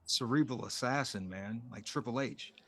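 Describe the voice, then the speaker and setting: A man's voice: medium pitch, sharp tone, slightly rough. A man co-hosting a podcast, chiming in with jokes and wisecracks in casual chat. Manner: jokey, quick with wisecracks. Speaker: podcast co-host.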